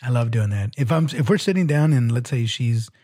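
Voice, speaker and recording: A man with a husky, slightly breathy voice, talking loosely on a relationship podcast. He wanders through asides and laughs easily. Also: mid-range voice, animated, fairly quick, dark tone. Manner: chatty, laughs often, rambling asides. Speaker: podcast co-host. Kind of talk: casual chat.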